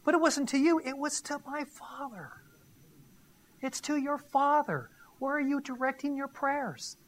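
A man's voice: extremely high pitch, unhurried, a bit bright. Emphatic, teasing preacher man. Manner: emphatic, teasing, asks the audience questions. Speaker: pastor. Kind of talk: conversational sermon.

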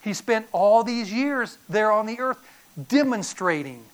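A middle-aged man preaching a sermon, telling stories in an animated, folksy way with sudden loud bursts and quiet drops. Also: high-pitched, measured pace. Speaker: pastor.

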